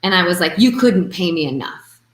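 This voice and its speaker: Lady coach rambling on a live video call, lowish voice, acts out convos, kinda roomy sound. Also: brisk. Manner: animated, rambling, acts out quoted exchanges. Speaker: intuitive life coach. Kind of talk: casual live coaching chat.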